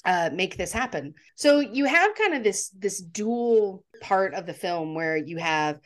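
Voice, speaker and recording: A woman co-hosting a casual podcast, retelling a movie plot in an animated, storytelling way. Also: mid-range voice, measured pace. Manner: animated storytelling with acted-out quotes. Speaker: podcast co-host. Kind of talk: casual film recap chat.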